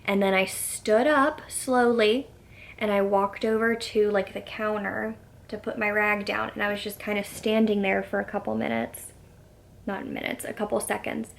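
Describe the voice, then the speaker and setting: A woman's voice: medium pitch, level tone, moderate pace, vocal fry. A young woman vlogger casually telling a personal story to camera, chatty and filling her talk with "like", sometimes dropping to a whisper when quoting herself. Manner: chatty, says "like" often, quotes herself in soft whispers.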